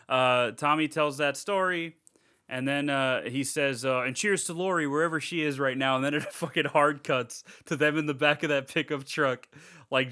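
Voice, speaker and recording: The voice is a man's, smooth and medium in pitch. As a podcast co-host casually reviewing a horror movie, he's animated, swears freely, and acts out scenes using funny voices.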